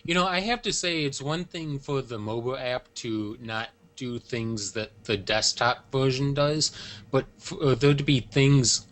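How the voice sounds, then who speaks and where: Male panelist, mid pitch, wry, halting. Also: a bit bright, slight background noise. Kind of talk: casual panel chat.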